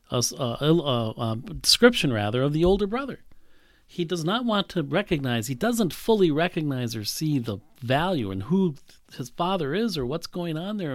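A man preaching a sermon, animated and emphatic, with frequent rhetorical questions. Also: medium pitch, dry recording, clean studio sound. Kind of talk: expository sermon.

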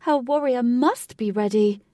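Woman voicing a male showman, eccentric, theatrical, raised pitch, slow booming delivery, dry sound. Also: dark tone, dry recording, natural voice. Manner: eccentric, theatrical, drawn-out announcing.

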